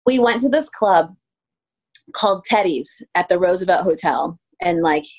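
A woman in her thirties, a pastry chef guest telling stories in a casual interview, acting out quoted voices with sudden pitch jumps. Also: moderate pace. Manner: animated, acts out quotes with lively pitch jumps. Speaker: guest, pastry chef turned ice cream maker.

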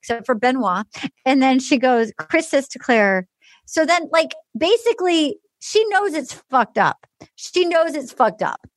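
A woman with a high-pitched voice and measured pace recaps a reality show in casual chat, recorded with clean studio sound and no room echo. She's animated, acting out quotes in shifting voices, restarting often and saying "like" a lot.

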